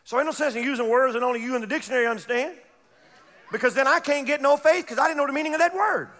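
High-voiced man preaching in a reverberant church. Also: very fast. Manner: fervent preaching with shouted peaks and laughing asides. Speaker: pastor. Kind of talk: sermon. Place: church sanctuary.

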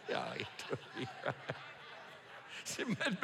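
A man preaching a sermon as pastor, building to shouts and repeating phrases, recorded in an echoey church hall. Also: very high-pitched, very animated, slow pace, creaky, pauses often. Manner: preaching with rising shouts and repetition. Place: church sanctuary. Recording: echoey hall with long reverb.

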